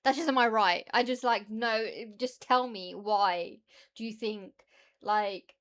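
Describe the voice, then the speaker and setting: Chatty british woman on stream, bright voice kinda high, rambles and giggles a lot. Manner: chatty, rambling, quick laughs. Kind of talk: casual chat reacting to chat.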